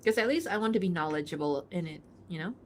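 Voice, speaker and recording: A woman livestreaming while she draws, casually reading out and answering chat, chatty and quick to giggle, thinking aloud with fillers. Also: on the low side, animated, a little hiss or hum. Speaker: livestreaming artist.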